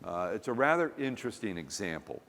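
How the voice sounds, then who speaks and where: A man's voice: fairly low pitch, big pitch swings, a little fast, fairly bright tone. A man giving a humorous keynote talk at a conference, telling a story with acted-out quotes. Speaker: conference speaker. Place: conference hall. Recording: long hall reverb.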